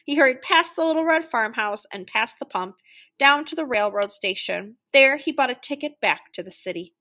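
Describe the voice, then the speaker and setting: A woman reading a children's story aloud, animated and playing out the noises. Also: high voice, moderate pace. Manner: animated, sound-effect voices for noises. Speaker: children's book reader.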